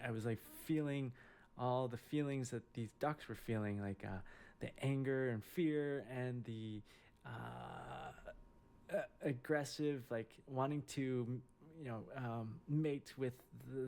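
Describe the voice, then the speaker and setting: A middle-aged man, a surgeon, telling a personal story in a casual, halting way with many fillers and restarts. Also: medium pitch, darkish tone.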